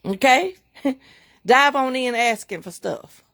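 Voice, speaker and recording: A woman's voice: high-pitched, slow pace, a bit bright, no echo, studio quality. A middle-aged woman hosting a livestream, preaching in an emphatic, repetitive way and laughing often. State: emotional, near tears. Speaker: livestream host and bookstore owner.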